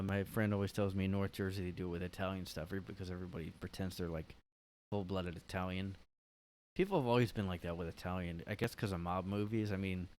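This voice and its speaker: A man hosting a casual solo podcast from his room, rambling and hesitant, full of "like". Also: deep voice. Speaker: podcast host.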